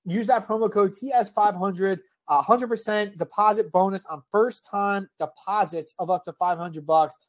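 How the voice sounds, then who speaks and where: High-voiced joking podcast host man. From Irish heritage. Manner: joking, quick banter with ad reads. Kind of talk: casual podcast chat.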